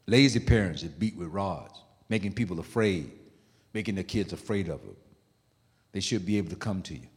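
A man's voice: low-pitched, animated, a little fast. A male pastor preaching a sermon in an emphatic, repetitive style, with asides to the congregation. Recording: echoey hall.

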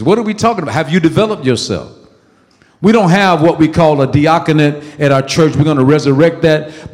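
Man, pastor, high voice, emphatic sermon, reverberant sanctuary. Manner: emphatic, call-and-response preaching with sudden loud peaks.

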